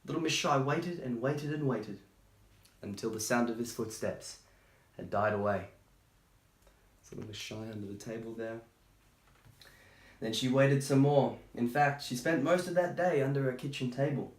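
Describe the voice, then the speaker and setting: A man's voice: medium pitch, moderate pace, long pauses. Man reading a picture book, echoey room. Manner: chatty, gentle, sympathetic asides. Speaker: storytime reader. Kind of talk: reading a picture book aloud with casual asides. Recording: roomy echo.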